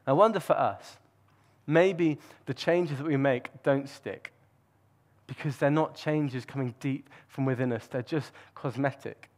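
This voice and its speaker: A man's voice: mid-range voice, measured pace. A man giving a sermon, earnest and reflective, with the odd filler and restart. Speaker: preacher.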